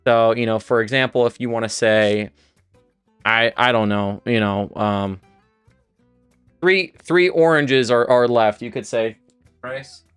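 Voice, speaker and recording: A man's voice: medium pitch, a little slow, a bit bright, clean tone, dry recording, faint music behind. A man teaching Spanish on a livestream, chatty and loose, with many restarts and fillers. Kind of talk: casual livestream lesson.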